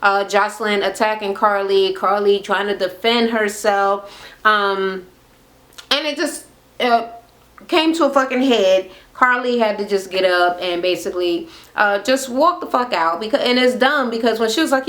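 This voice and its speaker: A woman talks straight to her camera, recapping a reality TV episode. She is blunt and sarcastic, and she swears constantly. Her voice sits in an ordinary middle pitch. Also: normal speed. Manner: blunt, sarcastic, heavy swearing, animated retelling. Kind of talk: casual profane recap rant. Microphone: camera mic.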